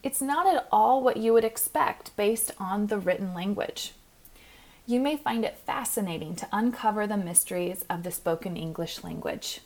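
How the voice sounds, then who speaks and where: A woman hosting a podcast reads a scripted monologue as a pronunciation coach, clear, measured, and instructive. Her voice is medium-pitched and a little mellow.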